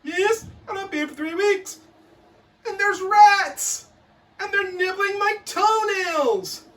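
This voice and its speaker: A woman's voice: very high voice, takes it slowly, fairly bright tone, recorded from a distance, voice pushed up, full character voice. A woman putting on the voice of a whiny young schoolchild who pleads and wheedles with the teacher. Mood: wailing.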